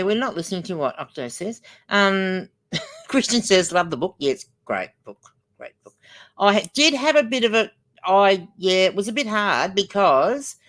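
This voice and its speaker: A woman's voice: mid-range voice, fairly bright tone. An older woman hosting a casual livestream, chatty and rambling as she reads out viewer comments. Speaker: livestream host.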